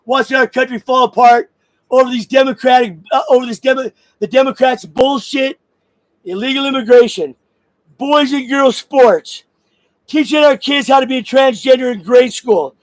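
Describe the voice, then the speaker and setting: High-voiced man on a profane shouting rant. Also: moderate pace, no room sound, poor audio. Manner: angry, crude, bursts of shouting and laughter. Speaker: vlogger. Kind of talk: profane political rant to camera.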